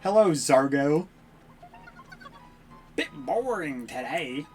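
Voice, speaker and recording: A woman's voice: low-pitched, lively intonation, slow pace, a little mellow, soft background music. A woman streaming a video game, making wry, sarcastic asides as she plays. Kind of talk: casual game commentary.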